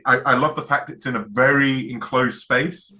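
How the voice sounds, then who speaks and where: A man's voice: mid-range voice, steady tone, normal speed, sharp tone. A man co-hosting a casual chat, enthusiastically retelling scenes and acting out the lines. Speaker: podcast co-host.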